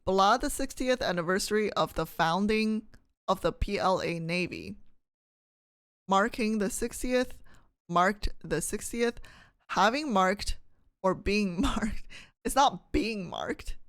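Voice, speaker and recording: A woman's voice: mid-range voice, expressive, slow, dry recording. A woman from Canada streaming live, reading test questions aloud and thinking through them with her viewers, laughing often.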